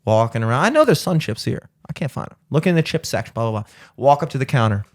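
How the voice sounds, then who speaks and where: A man's voice: mid-range voice, big pitch swings, quick pace. A young man hosting a podcast, telling a heated, profane story as a comedic rant and acting out both sides of it. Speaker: podcast host.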